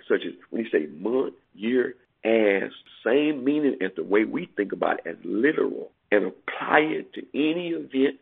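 A man preaching a sermon, emphatic, repeating phrases and rising sharply in pitch to stress his points. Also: gravelly, husky. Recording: tinny phone-like radio broadcast.

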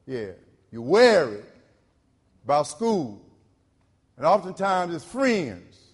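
A male pastor, preaching a sermon in call-and-response style. He repeats phrases and swings from loud to low. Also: sing-song, slow pace, breathy edge, big-room sound.

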